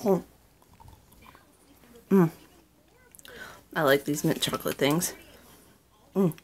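A woman vlogging to her viewers, giddy and squealing with excitement. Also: sits low, slow. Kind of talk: excited casual vlog chat.

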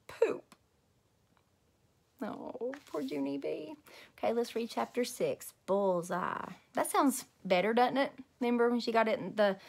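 Bright-voiced woman reading to children. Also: fairly high pitch. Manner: expressive, chatty asides to young listeners. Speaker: teacher reading aloud. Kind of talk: children's read-aloud.

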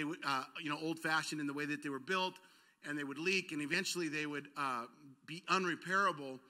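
A man pastor delivers a storytelling sermon in a church with a high, very bright and ringing voice. He is self-deprecating and animated, acting out the shouts and cries of the people in his story. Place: church auditorium.

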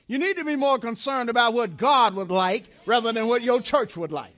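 A man's voice: extremely high pitch, normal speed, hardly any pauses, a bit bright. A man preaching a sermon in a church, emphatic and repetitive, asking questions and answering them himself. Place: church sanctuary.

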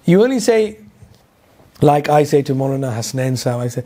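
A man giving an animated Quran lesson lecture, full of hesitations and quick recited verses. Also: medium pitch. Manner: animated, mixes English with Urdu and Arabic recitation, many fillers. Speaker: Islamic teacher.

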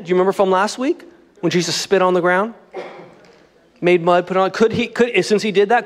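High-voiced pastor preaching in a reverberant hall. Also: male voice, brisk. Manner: conversational, joking preaching style. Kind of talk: sermon. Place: church sanctuary.

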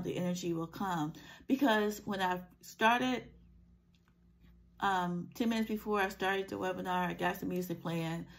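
A woman coach talking in an earnest, encouraging vlog, her throat scratchy from a cold. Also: mid-range voice. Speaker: life coach. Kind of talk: motivational vlog talk.

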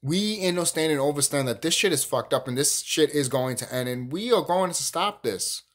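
On his own YouTube channel, a young man with a slightly high voice and lively intonation delivers a casual spiritual monologue at a moderate pace. He rants emphatically, swears freely, and keeps restarting his sentences.

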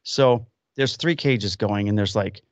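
A man's voice: fairly low pitch, a little slow, no room sound, dull audio. A man in his fifties hosting a podcast, chatting casually and telling rambling anecdotes full of acted-out quotes from other people. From Illinois. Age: 50s. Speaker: podcast host. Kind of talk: casual storytelling chat. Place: home workshop basement.

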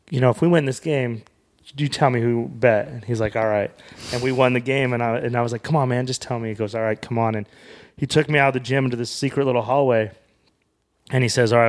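A man's voice: medium pitch, fairly even intonation, quick pace. A young adult man from Wyoming, a comedian and author, casually telling a long anecdote on a podcast and acting out the people in it with quoted dialogue. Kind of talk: casual storytelling in a podcast interview.

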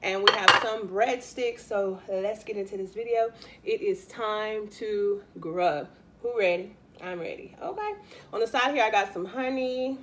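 Background noise surrounds this unhurried, mid-range voice: a talkative woman from Louisiana hosting an eating show. Between bites she keeps up casual chatter, addressing everyone as y'all.

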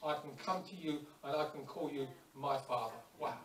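High-voiced preacher in an echoey hall. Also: male voice, moderate pace. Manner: lively storytelling, acting out little prayers and shop scenes. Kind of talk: sermon. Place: church hall. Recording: echoey church hall, distant mic.

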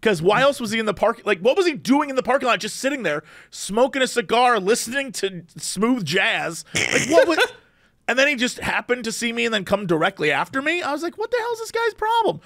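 A man co-hosting a podcast, telling a story in an animated, rambling way and often cutting himself off. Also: very high voice, fairly quick, no echo, studio quality. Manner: animated, rambling, self-interrupting. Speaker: podcast co-host. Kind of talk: casual storytelling chat.

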